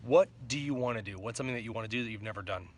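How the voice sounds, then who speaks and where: A Florida man rambles to camera in a casual vlog, joking at his own expense and laughing between thoughts. His mid-range voice races along, and the recording is very noisy.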